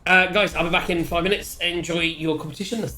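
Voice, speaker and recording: A man chatting excitedly as a player wrapping up a tabletop game session, swearing freely. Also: sits high, fairly quick, slight background noise. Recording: faint music behind.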